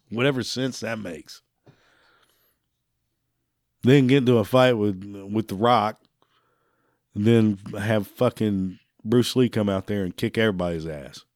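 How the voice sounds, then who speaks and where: This talk show host rants angrily and swears constantly, sometimes breaking into laughter as he goes. His voice sits on the low side, a little mellow, with a slow pace and long pauses, captured in studio quality without any room sound.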